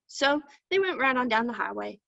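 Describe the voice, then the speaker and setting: A woman's voice: a little high, lively intonation, moderate pace, creaky, fairly bright tone, no echo. A woman storyteller telling a folktale with folksy country phrasing over a video call. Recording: dull lo-fi dry sound.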